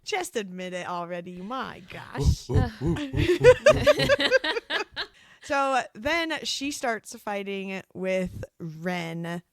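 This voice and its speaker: A woman co-hosting a book club podcast, chatting casually, giggly and excitable, often breaking into laughter. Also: mid-range voice, drawn-out words, pauses often. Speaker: podcast co-host.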